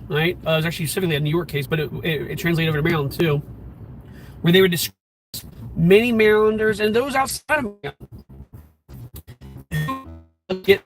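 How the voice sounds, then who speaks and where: A man's voice: high-pitched, fairly bright tone, a little hiss or hum, rough recording. A firearms instructor talking in a casual explanatory vlog from his car, in plain words with many restarts and fillers. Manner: conversational, plain-spoken, frequent restarts and fillers.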